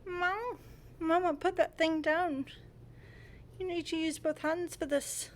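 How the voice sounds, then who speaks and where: A woman's voice: very high-pitched, steady tone, slow, a little hiss or hum, voice pushed up. A woman voicing her pampered male house cat as he fusses at her in an indignant, bossy tone.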